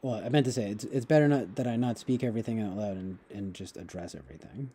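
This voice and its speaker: Male livestream host, mellow, halting and rambling, reacting to chat. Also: fairly low pitch, husky. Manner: rambling, halting, many restarts and fillers; chuckles often while talking.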